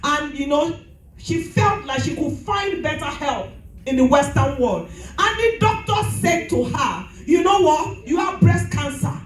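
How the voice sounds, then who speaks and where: A woman pastor, preaching a fervent sermon and often shouting. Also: extremely high pitch. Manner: shouting, preaching with rising fervor. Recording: echoey hall with music.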